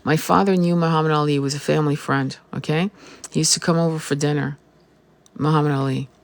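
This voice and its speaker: Gravelly, blunt-talking woman tarot reader. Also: sits low, fairly even intonation, a little fast. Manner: blunt, emphatic, swears freely. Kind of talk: spiritual vlog monologue.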